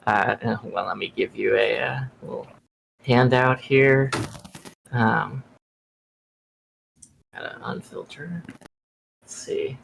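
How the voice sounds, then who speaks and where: A man narrating as game master over a video call, relaxed and full of fillers. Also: medium pitch, takes it slowly, vocal fry, pauses often, a little hiss or hum. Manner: relaxed, many fillers and restarts.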